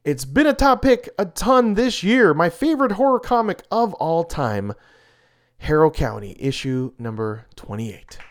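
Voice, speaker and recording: A man talking through his picks of the week as a comic reviewer, with a slightly higher voice than most men. He gushes eagerly, often stumbling and restarting mid-phrase. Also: a little slow. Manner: animated, gushing, with many restarts and laughs. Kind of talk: enthusiastic casual review.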